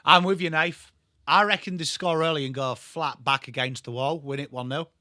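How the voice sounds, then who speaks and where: Bright, dry-sounding male watchalong host. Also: fairly high pitch, fairly even intonation, normal speed, no echo. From England. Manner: banter with viewers, swears freely. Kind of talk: casual live football commentary and chat.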